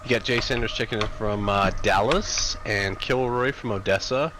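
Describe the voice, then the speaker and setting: Casual male co-host, lowish voice, reads chat aloud, noisy stream audio. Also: normal speed. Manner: relaxed, reads out viewer messages.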